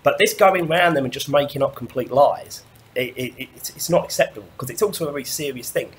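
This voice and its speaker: A man's voice: medium pitch, fast, a little hiss or hum. A man talks in a middling voice through a long monologue rant. He rambles and trips over his own restarts. He swears freely as he goes. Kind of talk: ranting monologue.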